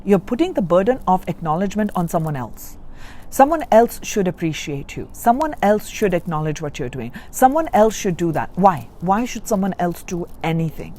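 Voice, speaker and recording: A woman's voice: fairly low pitch, very animated, moderate pace, mellow, a little hiss or hum. A woman giving a spiritual reading, coaching listeners earnestly and repeating key points. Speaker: spiritual reader. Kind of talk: guided self-help reading.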